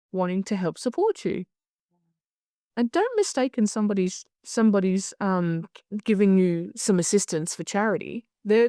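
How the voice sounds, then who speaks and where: A woman's voice: mid-range voice, dark tone, no echo, studio quality. Blunt, swearing woman. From Australia. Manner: blunt, swears freely, acts out other voices. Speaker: hypnosis conference director. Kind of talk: candid interview talk.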